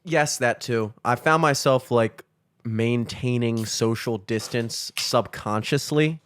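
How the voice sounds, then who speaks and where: A man's voice: mid-range voice, takes it slowly, fairly bright tone, clean tone, no echo. A man co-hosting a podcast, rambling through casual chat with lots of fillers and swearing. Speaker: podcast co-host. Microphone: studio mic.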